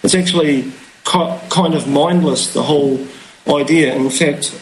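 Rambling New man, slightly high. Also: a little slow, slight background noise, low-quality recording. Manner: rambling, philosophical, many fillers. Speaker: guest. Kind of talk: casual conversation.

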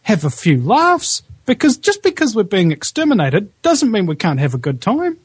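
A man with a New Zealand accent hosting a talk radio show, chatting casually with lively pitch jumps and frequent ums, recorded on a studio microphone at home. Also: moderate pace, husky, no echo. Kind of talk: casual chat. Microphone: studio USB microphone.

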